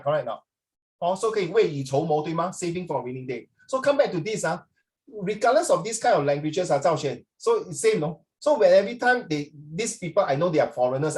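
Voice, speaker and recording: A man's voice: a little high, darkish tone. A man with a Singaporean accent, teaching in a casual, chatty way and often mimicking other accents. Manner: chatty, mixes English and Chinese, mimics accents. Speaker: tutor. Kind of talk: casual lesson chat.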